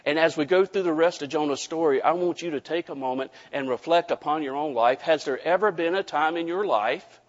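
Male pastor, folksy storyteller, church hall echo, muffled sound. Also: mid-range voice. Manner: folksy storytelling, animated, addresses the congregation. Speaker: preacher. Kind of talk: sermon with a personal story. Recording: dull audio with long hall reverb.

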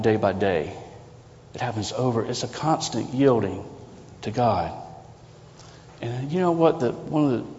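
A man's voice: mid-range voice, a little mellow. A man preaching a sermon as a pastor, conversational and earnest, asking the congregation rhetorical questions. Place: church sanctuary. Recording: lo-fi recording in a reverberant sanctuary.

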